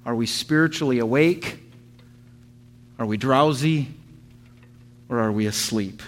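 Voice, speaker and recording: A man preaching a sermon to his church, telling a story with animated sound effects. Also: mid-range voice, measured pace. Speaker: pastor.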